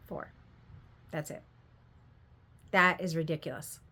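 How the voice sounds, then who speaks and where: A woman's voice: sits low, normal speed, long pauses, sharp tone. Older woman rambling through a candid vlog story. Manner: rambling, candid, self-deprecating, laughs while telling stories. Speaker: craft vendor vlogger.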